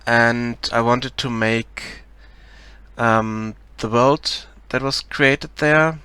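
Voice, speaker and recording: A man from Germany with a German accent, casually talking through his game project on a live stream, hesitant, with many pauses and restarts. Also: mid-range voice, bright, forceful tone, clean tone. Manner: hesitant, many ums and restarts, laughs shyly.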